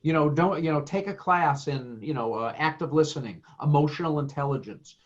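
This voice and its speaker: A man's voice: a little high, brisk. Earnest middle-aged man on dull audio. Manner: emphatic, earnest advice-giving with many fillers. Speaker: guest speaker. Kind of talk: podcast interview conversation.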